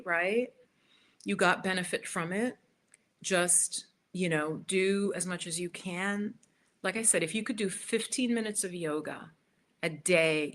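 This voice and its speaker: A woman's voice: on the low side, a bit bright. A woman in her fifties, a yoga teacher, answering viewers in a chatty, encouraging live Q&A, repeating her points, recorded on a computer mic at home.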